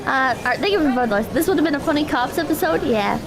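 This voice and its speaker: A woman streamer chatting with her viewers in a casual, animated, mocking way as she reacts to a clip. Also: sits high, fast talker, heavy background noise. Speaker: streamer host.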